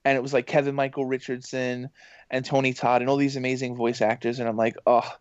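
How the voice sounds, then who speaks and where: An excitable man chats his way through long, rambling stories as a podcast guest, filling them with fillers and quick acted-out quotes. His pitch sits in the middle of the range. The sound is dry and a little muffled, with no room around it. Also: dry recording. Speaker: voice actor and games journalist guest. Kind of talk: casual podcast storytelling.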